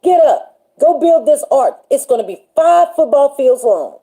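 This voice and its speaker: A woman's voice: high-pitched, lively intonation, moderate pace, warm tone, rough recording. A woman voicing the Lord as a casual, insistent commander in playful, slangy speech. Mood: coaxing.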